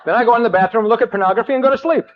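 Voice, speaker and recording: A man telling his own recovery story to a meeting, with wry self-mocking humor and halting, filler-heavy delivery. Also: extremely high pitch, background noise. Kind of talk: personal recovery story told to a group. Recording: dull old cassette tape.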